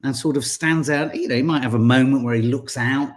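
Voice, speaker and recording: A man's voice: medium pitch, a little fast. A man in his forties co-hosting a casual podcast, rambling with wry asides and reading out listener messages. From England. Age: 40s. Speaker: podcast co-host. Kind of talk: casual chat.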